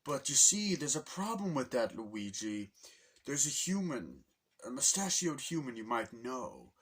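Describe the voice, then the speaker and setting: A man's voice: mid-range voice, big pitch swings, unhurried, fairly bright tone, slightly rough, exaggerated voice. Man putting on a gloating villainous turtle king. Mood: gloating menace. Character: menacing turtle king, male, gloating, cruel.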